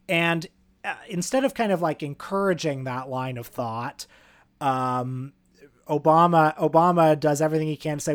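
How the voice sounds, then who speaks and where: A man's voice: fairly high pitch, moderate pace. A man co-hosting a podcast, making a wry, questioning argument in casual chat. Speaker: podcast co-host.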